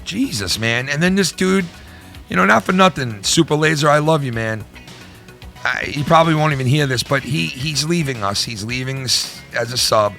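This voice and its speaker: A man's voice: mid-range voice, animated, normal speed, creaky, pushed and bright, soft background music. Heated, profane man ranting on his channel. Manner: heated, profane, repeats himself. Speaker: YouTube channel host. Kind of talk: vlog rant to viewers.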